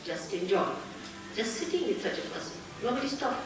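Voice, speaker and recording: A woman's voice: a little high, big pitch swings, fairly quick, music in the background. A woman with an Indian English accent giving a spiritual talk in a town hall, telling anecdotes and acting out the people in them. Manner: storytelling with anecdotes and acted-out quotes. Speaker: spiritual teacher. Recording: echoey hall, recorded from a distance.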